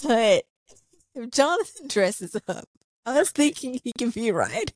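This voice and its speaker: A woman's voice: a little high, very animated, a little slow, dry recording. A woman in her thirties co-hosting a mom podcast, chatting casually and laughing as she tells stories. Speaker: podcast co-host. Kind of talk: casual chat.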